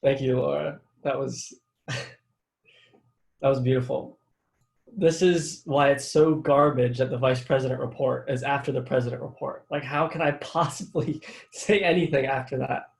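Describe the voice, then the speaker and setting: A young man, a student government vice president, giving a halting, informal farewell speech with many fillers over a video call. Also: medium pitch, steady tone, creaky, reverberant, low-quality recording. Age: young adult.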